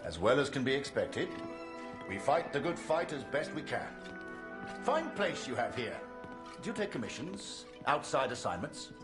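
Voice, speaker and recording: An actor playing a polite, formal army major in a video game. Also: male voice, mid-range voice, very animated, normal speed, music in the background, natural voice. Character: courteous male army officer, genial and proper.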